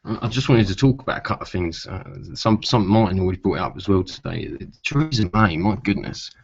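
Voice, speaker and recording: Man, very low gravelly voice, rambling vlog chat, dull lo-fi sound. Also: expressive, brisk, no room sound. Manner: rambling, frequent "uh" and asides, swears when riled. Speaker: vlogger. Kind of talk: casual chat to camera.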